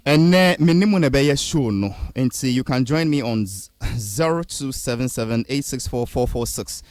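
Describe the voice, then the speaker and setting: A man with a Ghanaian accent hosting a radio talk show, reading listener comments and trying to calm his guest. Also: mid-range voice, normal speed, soft background music. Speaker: radio host.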